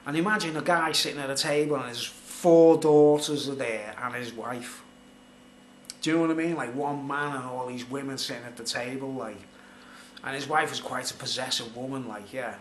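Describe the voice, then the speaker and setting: A man's voice: medium pitch, fairly even intonation, moderate pace. Rambling man, roomy echo. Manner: rambling, filler-heavy, conversational. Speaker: vlogger. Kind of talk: rambling personal storytelling. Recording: roomy echo, faint background noise.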